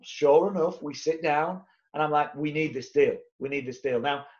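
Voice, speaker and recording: A man tells an animated story straight to camera and slips into the other people's voices as he goes. His voice sits a little high but sounds mellow. The recording is slightly muffled and lo-fi. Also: moderate pace. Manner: lively, acts out the other voices in his tale. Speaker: property investor sharing his story.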